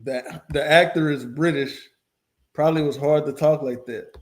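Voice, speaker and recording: A man's voice: fairly high pitch, fairly even intonation, moderate pace. A man hosting a reaction video, talking bluntly and casually with plenty of profanity. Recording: roomy echo.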